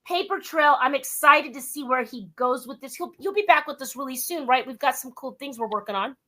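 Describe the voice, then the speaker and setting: A woman's voice: high-pitched, brisk, sharp tone. A woman hosting a radio interview from her home work den over a video call, gushing and upbeat, chatty with plenty of fillers. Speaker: talk show host.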